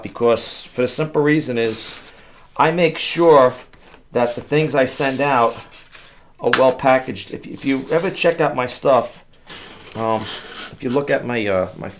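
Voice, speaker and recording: A man chatting casually to viewers while he packs a box, rambling and calling them folks, in a workspace away from his house. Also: medium pitch. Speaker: online reseller. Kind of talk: casual talk to camera while packing. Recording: clicks and clear background noise.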